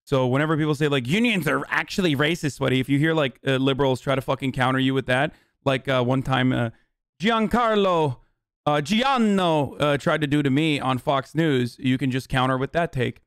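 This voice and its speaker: Young man, streamer, casual chat, profane heated rant, smooth resonant voice. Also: medium pitch, steady tone, a little fast, hardly any pauses, dry recording, studio quality. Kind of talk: casual political livestream, answering chat.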